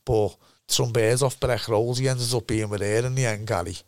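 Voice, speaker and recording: A man's voice: mid-range voice, fairly even intonation, moderate pace, no echo, clean studio sound. A man in his fifties with a Liverpool accent, a former footballer telling rambling, sweary stories in a casual interview. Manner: rambling, swears freely, repeats himself.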